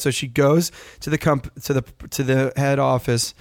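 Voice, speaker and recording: A young man in casual chat who tells an animated story, acting out quotes and swearing freely. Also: medium pitch, normal speed, hardly any pauses, no echo, studio quality.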